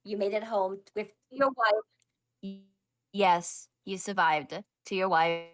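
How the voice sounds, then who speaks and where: A woman's voice: medium pitch, slow. A woman co-hosting a casual podcast chat, flustered and talking over herself while she fixes the audio on a headset mic. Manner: flustered, keeps saying hold on while fixing audio. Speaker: podcast co-host running a game.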